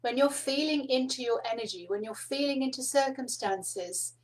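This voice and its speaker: Soft-spoken woman reading oracle cards. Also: high voice, moderate pace, poor audio. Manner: soft, meandering, with light laughs and fillers. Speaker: spiritual card reader and host. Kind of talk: casual spoken teaching to camera.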